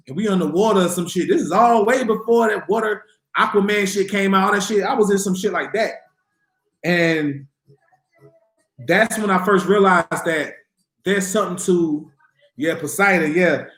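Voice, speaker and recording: High-voiced guy on a livestream, cussing a lot and acting out his stories, echoey room. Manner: profane, animated storytelling with voiced quotes. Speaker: livestream host answering viewer questions. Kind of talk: casual livestream talk.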